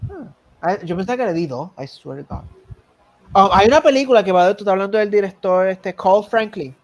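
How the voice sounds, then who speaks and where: A man's voice: high voice, lively intonation, dull audio. A Puerto Rican man co-hosting a podcast, talking casually about films and switching between Spanish and English as he jokes. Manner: switches between Spanish and English mid-sentence, quick and joking. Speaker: podcast co-host. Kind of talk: casual film chat.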